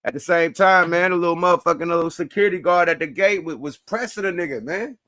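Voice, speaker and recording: A man telling a story in casual chat, animated and slangy, acting out both sides. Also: a little high, fast talker, no room sound, studio quality. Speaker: host.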